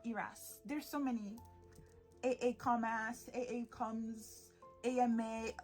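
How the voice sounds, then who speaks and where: A young woman talks solo on her podcast in a high, bright voice. She is animated and sarcastic, laughs often and mocks in put-on tones. Faint music plays underneath. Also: slow pace. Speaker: podcast host.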